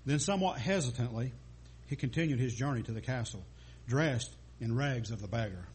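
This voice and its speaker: A man's voice: medium pitch, fairly quick, a little mellow, slightly rough. A man preaching a sermon, telling a story with small stumbles and restarts.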